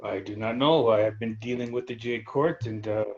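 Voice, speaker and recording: Man playing a haughty French vampire heir, halting speech, muffled lo-fi line, tabletop game. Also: fairly low pitch, fairly even intonation, darkish tone, lightly acted. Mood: pompous. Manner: halting, pompous, fake-French phrasing. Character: proud young male vampire heir, pompous.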